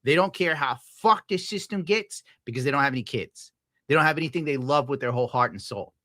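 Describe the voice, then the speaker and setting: Male streamer, profane and sarcastic, mid-pitch, close dry mic. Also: expressive, brisk, bright, forceful tone, dry recording. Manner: crude, sarcastic, laughs through his own jokes. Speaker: streamer reacting to clips. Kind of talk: casual profane rant.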